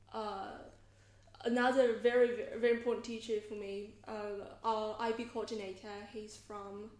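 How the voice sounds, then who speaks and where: A young woman with a light British-Australian tinge to her accent, chatting as a podcast guest, halting with fillers and restarts. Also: medium pitch, darkish tone, echoey room. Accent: mixed British and Australian tinge. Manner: hesitant, many fillers and restarts. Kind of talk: casual podcast interview.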